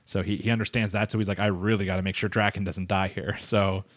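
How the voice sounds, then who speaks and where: Male podcast host, low voice, rambling recap full of fillers. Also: flat delivery, fast, fairly bright tone, no echo, clean studio sound. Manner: rambling, lots of fillers, acts out characters' lines. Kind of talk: casual anime recap chat.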